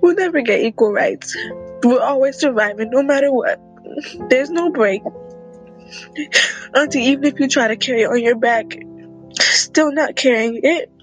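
A woman's voice: high voice, normal speed, long pauses, faint music behind, rough recording. Frank, upset young girl. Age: about 12. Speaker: niece. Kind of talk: casual family conversation.

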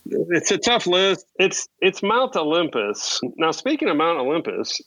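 A man's voice: a little high, very animated, measured pace, a bit bright, no room sound, rough recording. A man co-hosting a casual sports podcast, talking in a playful, teasing way and laughing often. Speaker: podcast co-host.

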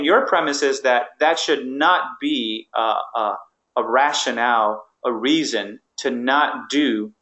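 A man hosts an interview and echoes his guest's ideas back before asking follow-ups. His voice has an ordinary mid pitch. The room adds noticeable echo. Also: a bit bright. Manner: affirming, paraphrasing the guest. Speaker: interview host. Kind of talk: conversational interview.

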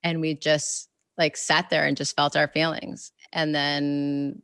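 A woman's voice: low voice, flat delivery, slow pace, smooth, dry recording, clean studio sound. A woman in her thirties, a guest author and educator, talking through ideas in a casual interview with plenty of fillers and restarts. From New York. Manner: warm, reflective, many fillers and restarts.

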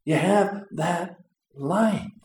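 Midwestern pastor preaching loosely, fond of "you know" and "right?", voice a bit high, caught in a roomy church. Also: male voice, drawn-out words, a little mellow. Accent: Upper Midwest American. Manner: conversational preaching with many fillers and tag questions. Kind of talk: sermon. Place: church sanctuary. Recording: echoey church with faint ambience.

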